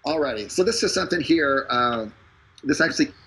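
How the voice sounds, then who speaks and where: A man hosting a live stream, making a casual, joking sales pitch full of fillers and restarts. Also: animated, brisk, sharp tone, slightly rough, poor audio. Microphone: streaming over an internet connection.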